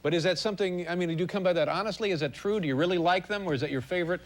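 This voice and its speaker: A man hosting a talk show, prodding his guest with quizzical questions and quick acknowledgments. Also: high voice. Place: TV studio.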